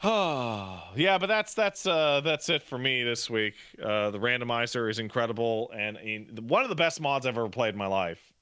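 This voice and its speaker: Man, podcast co-host, exasperated ranting, bright tone, dry sound. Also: mid-range voice, normal speed, few pauses, clean tone, dry recording. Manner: animated, exasperated ranting with frequent swearing. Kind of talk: casual podcast banter.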